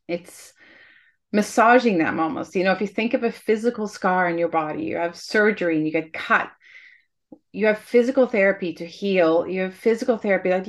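Earnest, reflective woman podcast host. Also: lowish voice. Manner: earnest and reflective, with frequent restarts and soft laughs. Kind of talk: heartfelt conversational interview.

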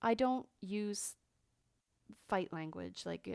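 A woman hosting a podcast, talking openly and earnestly about her feelings, with frequent pauses and fillers. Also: medium pitch, vocal fry, darkish tone, clear, resonant tone, no echo, clean studio sound. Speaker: podcast host. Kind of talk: personal reflective monologue.

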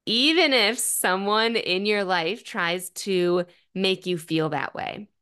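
A woman in her thirties talking candidly and earnestly about her feelings, in measured phrases with small pauses and restarts. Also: mid-range voice, sharp tone, smooth. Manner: earnest, candid, self-reflective. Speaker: journaling vlogger. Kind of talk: reflective personal talk.

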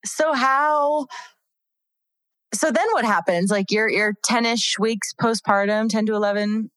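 A woman's voice: on the high side, a little slow, a bit bright, dry recording. A woman hosting a casual interview who reacts with short comments and laughs along. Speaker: podcast host.

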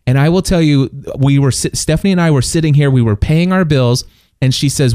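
A middle-aged man telling a personal story in casual chat, animated and full of restarts and quick laughs. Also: fairly high pitch, smooth, no room sound, clean studio sound.

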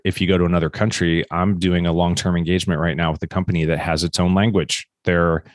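Middle-aged man co-host, very low pitch, dry sound, animated storytelling. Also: quick pace, no room sound. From United States. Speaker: podcast co-host. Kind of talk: casual chat.

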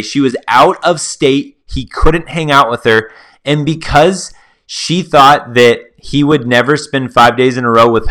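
A man's voice: medium pitch, sharp tone. A man hosting a solo podcast, telling stories in a chatty, casual way and talking straight to his listeners. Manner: chatty, storytelling, addresses listeners as guys. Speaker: podcast host.

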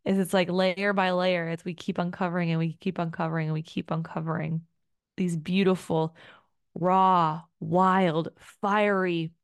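A woman's voice: lowish voice, little pitch movement, normal speed, smooth, dry recording. A young adult woman hosting a solo podcast, talking in an earnest, emotive, rambling way with many fillers. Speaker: podcast host.

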